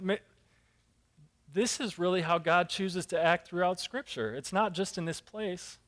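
A man preaching a sermon, telling a Bible story with lively acted-out voices and emphatic rises. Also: sits high, moderate pace, pauses often. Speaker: pastor.

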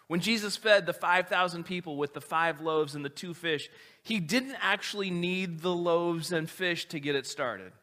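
High, bright-voiced preaching man. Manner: animated, conversational preaching. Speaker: pastor. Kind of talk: sermon.

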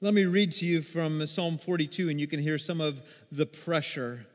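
A man preaching a sermon as pastor, telling stories with animated acted-out voices. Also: a little high, moderate pace, hardly any pauses. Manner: animated storytelling, acts out voices in quotes. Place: church sanctuary. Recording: long hall reverb.

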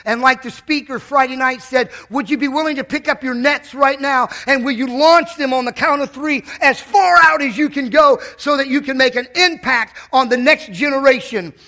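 A man preaching a sermon in a church, impassioned, breaking into loud shouted bursts. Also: extremely high pitch, normal speed, hardly any pauses.

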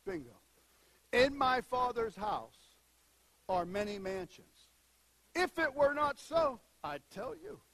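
High-voiced husky male preacher. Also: slow, pauses often, no echo, poor audio. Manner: animated preaching, swinging from quiet asides to loud emphatic bursts. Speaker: pastor. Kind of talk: sermon.

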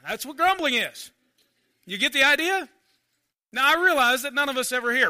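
A male pastor preaching a conversational sermon, swinging between loud emphasis and quiet asides. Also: very high voice, big pitch swings, moderate pace, long pauses.

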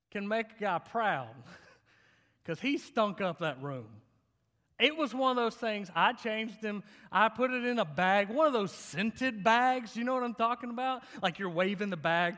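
A young male pastor preaches with a high, carrying voice, rising to loud, emphatic lines and dropping to quiet, confiding asides. He tells humorous personal stories between points. The sound rings with the long reverb of a church sanctuary. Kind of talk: sermon.

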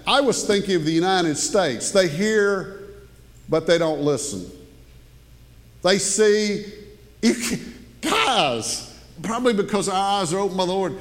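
A male preacher with a slightly high voice talks to his congregation like a conversation. He drops into hushed asides and then lifts his voice to drive points home. A long reverb from the hall trails after his words. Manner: conversational preaching, swinging between hushed asides and raised emphasis. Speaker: pastor. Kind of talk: sermon. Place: church sanctuary.

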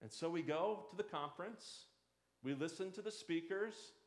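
A male pastor delivers a sermon in a relaxed, talking-to-you way, now and then acting out the inner voices of struggling churchgoers. His voice sits fairly high for a man. The room adds a noticeable echo around him. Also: moderate pace.

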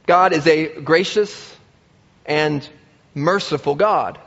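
High-voiced man preaching in a reverberant hall. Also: slow, vocal fry. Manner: animated preaching, acting out quoted voices. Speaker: pastor. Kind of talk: sermon. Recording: muffled sound with long reverb in a large hall.

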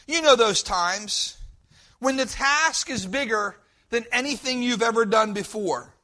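A man's voice: extremely high pitch, measured pace, pushed and bright. A man preaching a sermon, a pastor speaking with emphatic, building force and repeating his points.

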